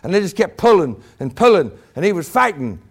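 Male preacher, high voice, fervent sermon, repetitive storytelling. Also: big pitch swings, a little fast, breathy edge.

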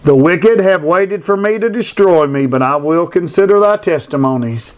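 A preacher with a notably high-pitched voice. He delivers his sermon with fervent, emphatic repetition, reading verses and pressing each point home. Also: moderate pace.

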